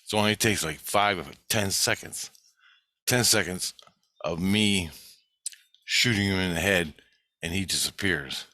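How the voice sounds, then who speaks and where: A man's voice: low-pitched, a little slow, pauses often, bright, forceful tone, no room sound. A man telling a dream story in a rambling, profane way, acting out the other people's voices. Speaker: vlogger.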